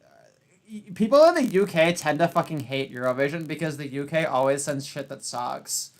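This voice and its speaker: A man hosting a podcast, chatting casually, with a profane and animated ranting manner. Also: on the high side, moderate pace. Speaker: podcast host. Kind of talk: casual chat.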